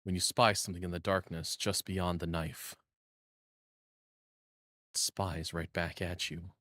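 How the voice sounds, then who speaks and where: With a low-pitched, level voice that's a little slow yet pushed and bright, a streamer reads a game's second-person narrative aloud, stopping to curse and joke with chat. He uses a condenser mic on a boom arm, there's no room sound, and game music plays in the background.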